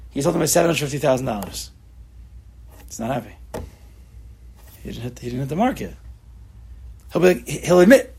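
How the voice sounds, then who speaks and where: A man in his forties from the New York area, giving a casual Torah lesson with rapid rhetorical questions and frequent restarts. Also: a little high, lively intonation, creaky, a little mellow, slightly rough. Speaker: Torah class teacher.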